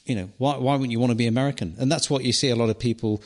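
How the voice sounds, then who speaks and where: A man, co-hosting a casual podcast and telling animated stories while acting out other people's lines. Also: mid-range voice, very fast. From New Zealand, born to an English father. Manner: animated storyteller, acts out voices and laughs. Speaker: podcast co-host.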